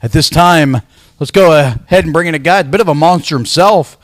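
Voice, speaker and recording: A man hosting a wrestling show in a laid-back, chatty way, pausing often on "uh". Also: on the high side, no room sound. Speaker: show host.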